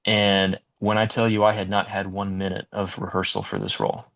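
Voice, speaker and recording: A man with a fairly low, bright voice chats as an interview guest, telling theater stories with energy. He acts out what people said and keeps dropping "man" and "like". It sounds like a relaxed conversation between performers. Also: brisk, vocal fry. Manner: animated storyteller, acts out quotes, says "man" and "like". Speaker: guest, musical theater actor. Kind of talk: casual interview chat.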